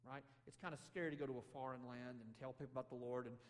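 A man's voice: mid-range voice, rapid-fire. Man preaching in a reverberant hall. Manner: conversational, animated, acts out quotes with rising emphasis. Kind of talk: sermon.

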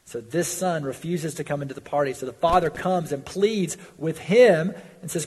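A man preaches in a slightly husky voice, earnest and emphatic, pushing his volume up on pleas and letting it sink on sober points. He speaks in a church sanctuary, and long reverb trails after his words. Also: normal speed, few pauses. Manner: earnest preaching, swells loud on pleas and drops low on warnings. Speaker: pastor. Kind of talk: sermon.

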